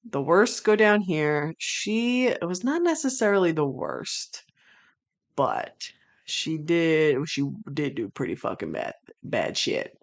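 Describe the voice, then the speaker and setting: A woman with a deep, low-pitched voice streams casual commentary at an easy, drawn-out pace. Her talk is full of swearing, and it swings from loud exasperated rants to rambling, thoughtful stretches full of restarts. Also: very animated.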